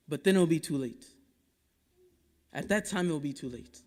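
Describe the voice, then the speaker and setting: Male imam from Dallas, high voice, impassioned Friday sermon with quick Arabic recitation, long mosque-hall reverb. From Dallas, Texas. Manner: impassioned, rhetorical, swinging between loud urging and hushed asides; recites Quranic Arabic quickly between English explanation.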